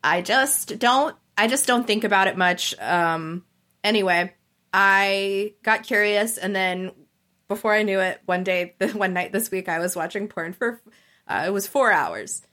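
A woman's voice: mid-range voice, unhurried, sharp tone. A woman co-hosting a podcast, telling candid stories hesitantly in casual chat. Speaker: podcast co-host.

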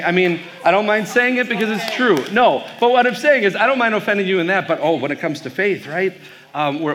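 A man from Wisconsin speaks to a young crowd in a keynote address, his voice sitting a little higher than most men's. He talks loosely and chattily, with lots of fillers and restarts as he tells a story. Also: a bit bright. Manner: conversational storytelling with frequent fillers. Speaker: pastor. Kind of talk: youth night keynote talk.

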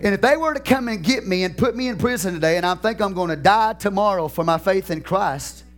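Man, pastor, fervent sermon, animated pitch, shouted peaks and slow drawn-out lines, faint music behind. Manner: impassioned preaching that swings between shouted peaks and slow drawn-out phrases. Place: church.

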